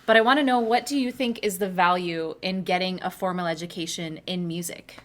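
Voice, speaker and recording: Young Canadian woman host, low voice, easygoing and self-deprecating. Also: steady tone, fairly quick. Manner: friendly, self-deprecating, filler-heavy questioning. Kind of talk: casual chat.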